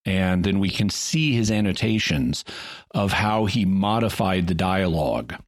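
A man's voice: low-pitched, animated, unhurried, no room sound, studio quality. A man co-hosting a podcast, explaining things at length in a thoughtful, casual way, often stopping to rephrase. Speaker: podcast co-host. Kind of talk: casual discussion. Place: lives in the Ozarks.

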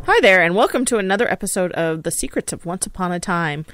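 A woman's voice: fairly low pitch, expressive, fast talker, noisy background. A woman hosting a casual podcast, chatty, with many fillers and restarts. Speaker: podcast host.

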